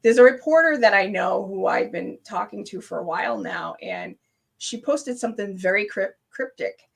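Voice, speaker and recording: Animated woman telling a story on a live stream. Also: mid-range voice, moderate pace, gravelly. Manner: animated storyteller, acts out her own screams and quotes. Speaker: guest. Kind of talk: casual live-stream chat.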